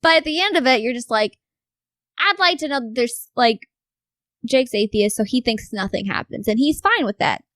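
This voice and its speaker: Animated, swearing woman telling a story. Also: on the high side, normal speed, no room sound, clean studio sound. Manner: animated storyteller, swears freely, acts out quotes. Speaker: podcast guest. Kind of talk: casual chat.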